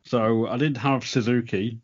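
A man's voice: medium pitch, a little slow. Man, easygoing podcast chat, mid voice, dull lo-fi mic. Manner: relaxed, listing picks with asides. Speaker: wrestling podcast panelist. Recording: lo-fi remote mic.

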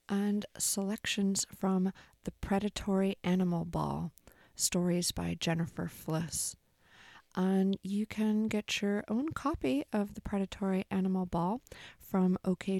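A woman host reading a short story aloud in clear, scripted narration. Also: medium pitch, mellow, dry recording.

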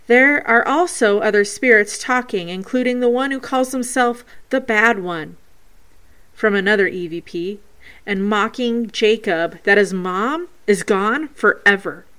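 A woman's voice: a little high, a bit bright. A woman hosting a paranormal show, earnestly reading out a listener's ghost recording and breaking down each sound step by step.

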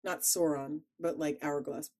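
A woman's voice: sits low, fairly even intonation, unhurried, darkish tone. A woman with a Chicago accent co-hosting a podcast, chatting in a playful, rambling way and laughing easily. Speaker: podcast co-host. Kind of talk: casual chat.

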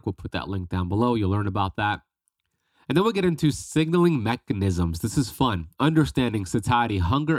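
A man's voice: lowish voice, no room sound. Congested, upbeat male podcast host. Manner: enthusiastic, upbeat. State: congested from a head cold. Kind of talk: podcast intro and episode preview.

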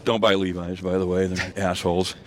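Deep-voiced and brisk, with little pitch movement, an older guest storyteller rambles through a story while walking outdoors on a hillside. He leans on fillers and restarts and laughs often, with a little hiss or hum in the recording.

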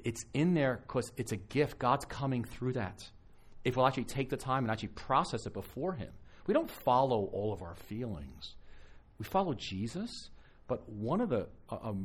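This pastor has a husky, medium-pitched voice and a moderate pace. At a live conference he gives a conversational sermon, telling animated stories full of restarts.

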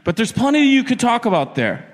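A man's voice: extremely high pitch, sing-song, a little fast. A man co-hosting a live comedy podcast on a festival stage, dry and teasing, steering his partner back on track. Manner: dry, teasing, keeps the segment moving. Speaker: podcast co-host. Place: hall at a live festival show.

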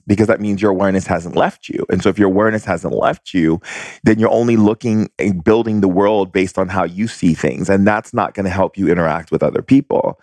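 A man, a spiritual teacher, talking in a reflective monologue with slow, deliberate, drawn-out phrasing and long run-on sentences. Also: low voice, a little mellow, dry recording.

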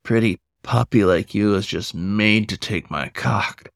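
A man's voice: unhurried, creaky, dry recording, studio quality. A man doing a growling, teasing bear. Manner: low growling tease. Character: teasing affectionate male black bear.

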